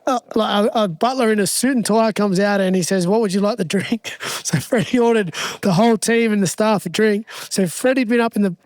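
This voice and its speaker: A man with a high, smooth voice recorded dry and close. He tells a relaxed story at a live pub show, stumbling over repeated words and chuckling at the funny parts. The delivery is easygoing and conversational. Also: a little fast, few pauses, no room sound. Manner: repeats words as he warms up, chuckles at his punchlines. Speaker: guest, former rugby league player.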